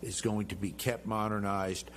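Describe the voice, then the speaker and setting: A middle-aged man speaks in a somewhat low voice, emphatic and jovial, plainly proud of his own standing. He is a guest on a studio interview show. A faint electrical hum sits under the recording. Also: level tone, moderate pace. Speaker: congressman, guest. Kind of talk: interview talk.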